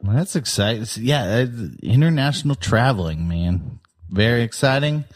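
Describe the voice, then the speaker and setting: Husky podcast cohost, voice jumps all over, upbeat and giggly. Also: male voice, medium pitch, lively intonation, normal speed. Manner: upbeat, laughs easily. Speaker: podcast co-host. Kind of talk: casual chat.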